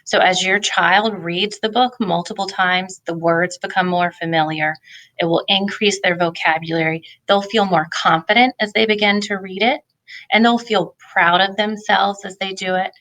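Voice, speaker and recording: A woman's voice: mid-range voice, steady tone, normal speed, a bit bright, low-quality recording. A woman presenting a reading lesson for parents, explaining in a friendly way with the odd filler. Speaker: family literacy presenter. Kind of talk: instructional talk for parents.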